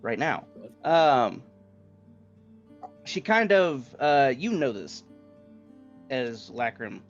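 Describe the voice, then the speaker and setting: Slow, animated man narrating a tabletop game. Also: mid-range voice, muffled recording, faint music behind. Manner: loose, full of fillers and laughter. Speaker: dungeon master.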